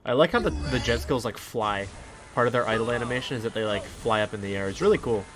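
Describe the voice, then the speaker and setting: Over crowd noise and faint game music, a man with a medium-pitched voice talks fast while hosting a casual game playthrough. His let's play commentary rambles with many fillers and restarts, and he hums along.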